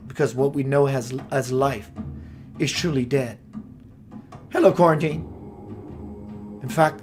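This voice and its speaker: A man with a slightly high voice gives a meandering spiritual talk. He muses aloud and sometimes gropes for the right word. Faint music plays underneath. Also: a little mellow. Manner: meandering, musing, searching for words. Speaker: spiritual teacher.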